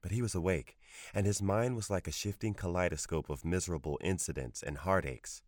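A man reading a short story aloud in a measured, even storytelling manner. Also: low voice, no echo, clean studio sound. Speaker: narrator.

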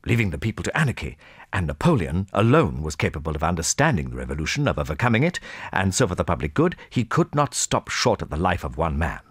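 A man voicing an earnest young man who argues fast and eagerly in a storybook reading. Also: deep voice, sing-song, breathy edge, no echo, studio quality, heavily acted.

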